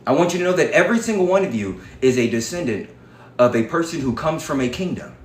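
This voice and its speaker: Man, high pitch, impassioned livestream talk, emphatic and profane, echoey room. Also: expressive, quick pace. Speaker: livestream speaker on history.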